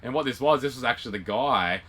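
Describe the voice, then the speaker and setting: A young Australian man tells a story in a casual vlog, slipping into the voices of the people he quotes. His voice is bright and forceful, with a middling pitch. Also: fast. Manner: animated retelling with quoted dialogue and laughs. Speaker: vlog co-host.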